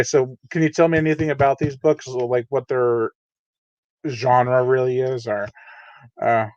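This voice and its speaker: A man's voice: medium pitch, a little mellow, dry recording. A man hosting a live unboxing stream, casually reading chat messages aloud and chatting with many fillers. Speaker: channel host. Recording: dull, lo-fi dry home mic.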